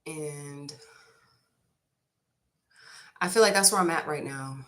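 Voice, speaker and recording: Recorded on a phone camera, a woman chats casually with viewers on a live stream, walking in from the rain and then talking at home, a bit out of breath. Her voice is low-pitched and slightly bright, and she speaks slowly.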